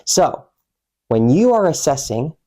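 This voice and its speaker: A young man coaching viewers on public speaking in a measured, emphatic way, slowing down to stress key words. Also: fairly high pitch, big pitch swings, mellow. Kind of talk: instructional talk to camera.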